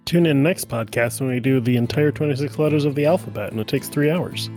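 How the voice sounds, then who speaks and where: A man's voice: mid-range voice, fast talker, darkish tone, faint music behind. A man in casual podcast chat who cuts in with short, wry remarks.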